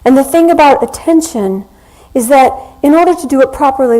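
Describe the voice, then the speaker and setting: A woman minister delivers a sermon as if chatting with her congregation, weaving in personal stories. Her voice sits a little high. She slows down and pauses deliberately on her key points. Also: animated, warm tone, poor audio. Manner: conversational, anecdotal, with slow deliberate pauses.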